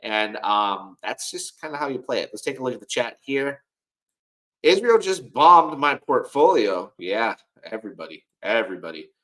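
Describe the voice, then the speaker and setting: A man's voice: lowish voice, animated, a little fast, hardly any pauses, bright, forceful tone, low-quality recording. Male livestream host, casual commentary, rambling and self-assured, keeps repeating words.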